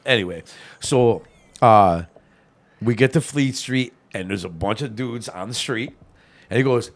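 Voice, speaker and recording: A man's voice: medium pitch, unhurried. A man hosting a podcast, telling a story in casual chat, laughing often and swearing freely. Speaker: podcast host.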